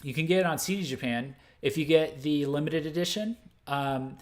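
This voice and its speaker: A man's voice: on the high side, a little slow. A man from the United States hosting a music news livestream, talking off the cuff with lots of fillers, restarts and self-corrections. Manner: laughs at his own mistakes. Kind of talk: unscripted livestream commentary.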